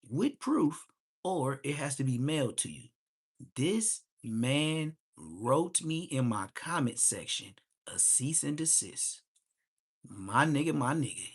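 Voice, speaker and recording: Man, casual vlog rant, mocking and trash-talking, mid pitch. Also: breathy edge. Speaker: vlogger. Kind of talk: casual ranting monologue.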